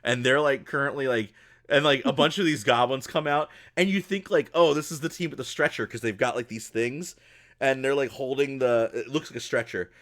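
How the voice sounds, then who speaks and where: A man serving as game master for a tabletop game, telling the action in a loose, excitable way. He breaks into laughter often. His voice sits at an everyday middle pitch. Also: moderate pace. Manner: laughs often while narrating, casual and excitable.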